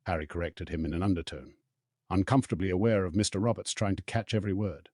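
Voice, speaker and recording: Male audiobook narrator, steady storytelling, deep voice, dry close sound. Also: quick pace, no room sound. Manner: steady storytelling read-aloud.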